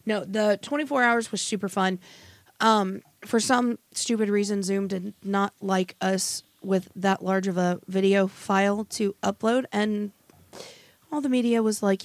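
A woman co-hosting a podcast in casual chat, animated and swearing freely. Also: medium pitch, measured pace, no room sound. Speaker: podcast co-host.

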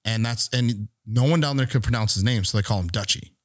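A man's voice: lowish voice, a little fast, no echo. Rambling storyteller man, dry close mic. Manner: rambling, swears freely, acts out quotes. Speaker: podcast co-host. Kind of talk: casual storytelling.

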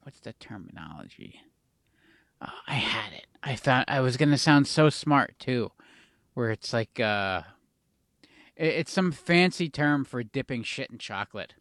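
A man's voice: mid-range voice, big pitch swings, unhurried, a bit bright, no room sound, clean studio sound. A young adult man co-hosting a casual chat show, rambling, swearing casually and losing his train of thought. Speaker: podcast co-host.

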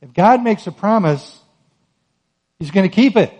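A man preaching a sermon on Scripture, earnest and emphatic, rising to forceful peaks. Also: high voice, lively intonation, measured pace. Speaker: pastor.

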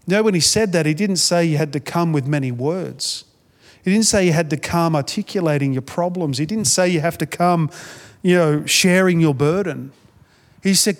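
A man's voice: on the high side, moderate pace, long reverb tail. A man preaching as a pastor in a conversational sermon style, earnest, often repeating phrases and restarting sentences.

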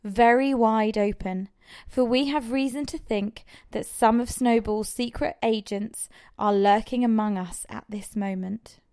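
A woman's voice: on the high side, fairly even intonation, measured pace, few pauses, dark tone. A woman voicing a sly, persuasive male pig propagandist who speaks insistently and emphatically.

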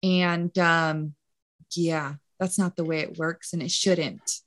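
A woman's voice: low voice, steady tone, slow. A woman nutrition and mindset coach talking casually as a podcast guest, rambling and full of "like" and "you know".

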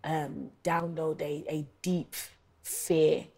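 A woman's voice: deep voice, level tone, very slow, gravelly, a little mellow, slightly rough. Chatty young woman with a London accent. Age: 20s. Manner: chatty storyteller, many ums and likes. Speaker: guest, singer-songwriter. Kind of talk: casual interview chat.

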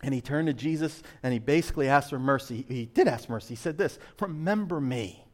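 A man preaching a sermon as pastor, swinging between loud emphasis and hushed asides. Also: mid-range voice, fast.

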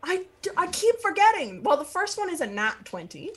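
A woman's voice: very high-pitched, big pitch swings, fairly quick. A woman playing a tabletop game, playful and bubbly, humming to herself between rolls. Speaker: player.

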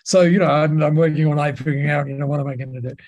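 Gravelly-voiced man telling stories. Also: a little high, racing, dull audio. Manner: animated anecdotes with many restarts. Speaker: podcast guest, speaker. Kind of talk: storytelling in casual interview.

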